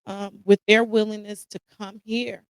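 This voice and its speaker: American woman host, mid-pitched, tearful and candid personal monologue, dry close sound. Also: flat delivery, unhurried, clear, resonant tone, no room sound, low-quality recording. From United States. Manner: emotional, holding back tears; casual, addresses listeners as y'all. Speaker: podcast host.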